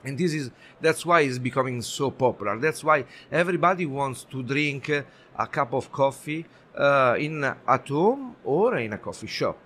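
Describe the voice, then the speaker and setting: A man with an Italian accent, a guest on a podcast recorded live at an expo, speaking haltingly with many fillers and restarts. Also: medium pitch, expressive, fairly bright tone, slight background noise. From Italy. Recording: faint ambience at a live expo.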